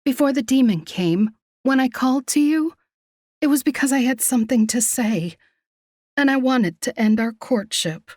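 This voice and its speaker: A woman voicing a wounded young woman captain in a storybook romance, speaking softly and earnestly. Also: sits high, animated, normal speed, no echo, studio quality, pitched above the performer's own voice. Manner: soft and earnest.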